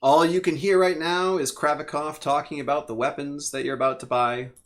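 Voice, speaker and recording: A man running a tabletop game as game master, describing scenes in a relaxed way with fillers. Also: fairly high pitch, fairly quick.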